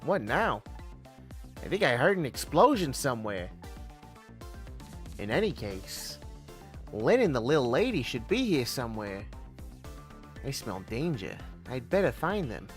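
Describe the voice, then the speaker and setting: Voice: mid-range voice, sing-song, measured pace, pauses often, soft background music. A streamer reading the lines of a male ghost protagonist with lost memories, in a dry, mostly natural voice. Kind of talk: game dialogue read aloud.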